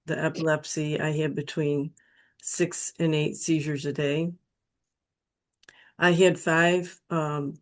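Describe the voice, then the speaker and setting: A middle-aged woman from Western New York slowly telling a personal spiritual testimony, emotional and earnest. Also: low-pitched. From Western New York State. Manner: slow, emotional, pleading when quoting her prayers. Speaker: guest telling her near-death experience story.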